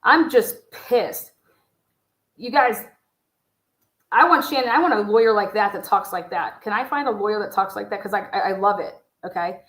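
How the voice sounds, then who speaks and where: A woman's voice: mid-range voice, brisk, a bit bright. Blunt, profane woman streaming. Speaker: true crime YouTuber. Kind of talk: casual livestream commentary. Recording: roomy echo.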